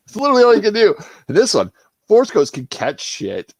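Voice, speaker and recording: A man chatting casually on a livestream, animated and swearing, acting out film scenes with laughter. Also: sits high, normal speed, no echo. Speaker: streamer.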